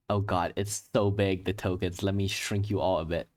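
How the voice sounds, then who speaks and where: A man running a tabletop horror game as game master, narrating and thinking aloud at an unhurried pace. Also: deep voice, fairly even intonation, a little mellow.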